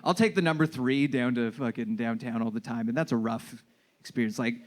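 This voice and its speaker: A young man doing a stand-up set, telling self-deprecating stories and acting out shouting strangers. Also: mid-range voice, fairly even intonation, fairly quick. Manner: storytelling, self-deprecating, acts out shouting characters. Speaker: stand-up comedian. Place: comedy club stage with laughing audience.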